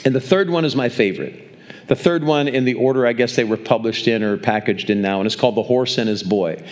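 A man's voice: mid-range voice, fast talker. An older man giving a sermon as a pastor, telling stories in a conversational way and often restarting and repeating words. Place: church, speaking to a congregation.

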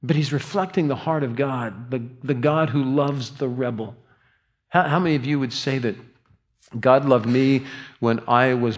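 An older man preaching a sermon, earnest and often repeating himself, dropping to a soft voice in tender passages. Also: medium pitch. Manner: earnest, repeats words, drops to soft tones for grief. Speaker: pastor.

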